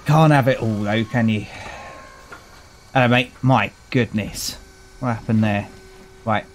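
A man's voice: on the low side, unhurried, a little hiss or hum, low-quality recording. A British man casually commentating a gameplay video, chatty and wry, greeting the characters he meets as he plays. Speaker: gaming channel host. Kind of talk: casual let's-play commentary.

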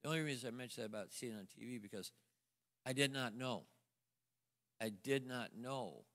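A man's voice: on the low side, vocal fry. Man telling his story in a reverberant church. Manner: storytelling, halting restarts, acts out quoted voices. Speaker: guest minister. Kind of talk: sermon testimony to a congregation. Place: church sanctuary. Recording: long church hall reverb.

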